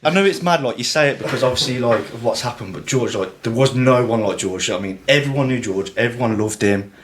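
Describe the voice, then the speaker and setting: On a podcast, a young male guest chats casually and emotionally, rambling, swearing, and using lots of fillers. His voice is mid-range and he talks fast.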